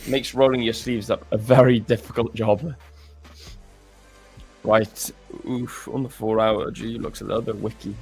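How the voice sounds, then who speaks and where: A man's voice: fairly low pitch, fairly even intonation, unhurried, husky, soft background music. A man hosting a live trading stream, chatting casually and joking while he stammers and restarts as he walks through charts.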